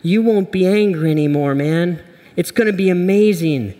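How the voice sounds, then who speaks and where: A man's voice: sits high, moderate pace, warm tone, long reverb tail, voice pushed up, natural voice. A man voicing a persuasive male superhero recruiter, upbeat and coaxing like a salesman.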